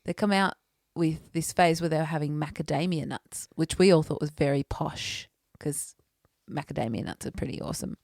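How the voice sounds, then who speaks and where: A woman's voice: deep voice, vocal fry, a little mellow, no echo, clean studio sound. A woman co-hosting a podcast, telling stories in casual chat and laughing often. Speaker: podcast co-host.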